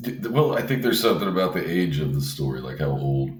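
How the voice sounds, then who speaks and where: A man's voice: rumbling low, very animated, fast, echoey room. A man co-hosting a podcast in casual chat, easygoing, laughing often and swearing freely. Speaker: podcast co-host.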